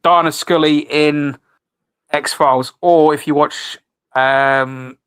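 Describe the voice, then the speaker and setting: A man's voice: fairly high pitch, fairly even intonation, slow pace, fairly bright tone, smooth, no room sound. A man hosting a casual radio chat, rambling with many restarts and fillers. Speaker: host.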